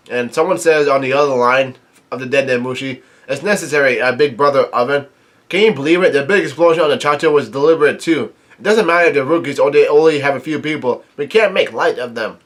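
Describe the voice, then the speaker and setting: Man, middle pitch, halting reader who recaps a comic chapter and reads the dialogue flatly. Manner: halting reading, quotes dialogue without acting it. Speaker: manga reviewer. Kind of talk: reading aloud and commenting on a comic chapter.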